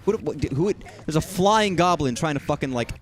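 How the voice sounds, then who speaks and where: A young man streaming a game, swearing freely and talking excitedly to himself as he plays. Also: a little high, normal speed, faint music behind. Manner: profane, excitable, talks to himself while playing. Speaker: gaming streamer. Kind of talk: live gameplay commentary.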